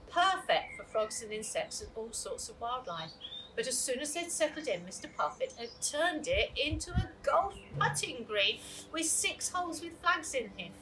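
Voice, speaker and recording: A woman reads a children's chapter book aloud in a lively, expressive storytelling voice of middling pitch. The recording sits a little far from the mic, with a clear steady hiss behind it. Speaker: children's author reading aloud. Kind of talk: storybook reading.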